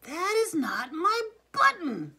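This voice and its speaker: A woman voicing a fussy, grumpy male toad in a bedtime storybook, speaking slowly, loudly and with exasperation. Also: fairly low pitch, big pitch swings, husky, heavily acted. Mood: complaining. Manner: slow, loud and exasperated.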